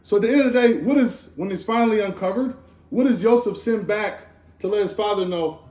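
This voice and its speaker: Male preacher with a high voice, slangy and conversational, informal sermon at a gathering. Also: a little fast. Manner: animated, conversational, slangy with asides. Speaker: speaker giving a Torah talk. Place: Sukkot gathering in a room. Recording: echoey room.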